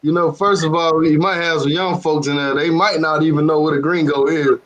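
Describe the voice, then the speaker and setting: High-voiced laid-back male host. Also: steady tone, a little fast, a bit bright, lo-fi sound. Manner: laid-back, prompting the guest. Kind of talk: casual chat.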